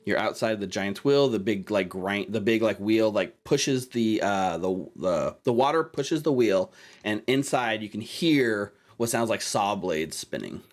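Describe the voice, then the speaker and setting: A man's voice: on the low side, expressive, unhurried, few pauses. A young man narrating as game master, rambling with many fillers.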